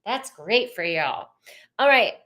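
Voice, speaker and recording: A woman's voice: mid-range voice, lively intonation, slow pace, bright, forceful tone. A woman hosting a casual live tarot reading, chatty and rambling, greeting viewers by name.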